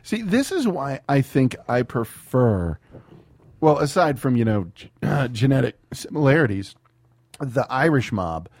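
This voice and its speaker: A man co-hosting a podcast in casual chat, excitable and swearing a lot. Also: medium pitch, measured pace, no echo. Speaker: podcast co-host.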